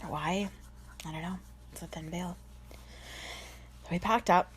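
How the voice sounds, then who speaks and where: A woman with a husky, slightly breathy voice, sitting a little low in pitch. She tells her own story as a medium, candid and chatty, often easing down to a hushed near-whisper. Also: steady tone, a little slow. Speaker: spiritual medium. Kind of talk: personal storytelling.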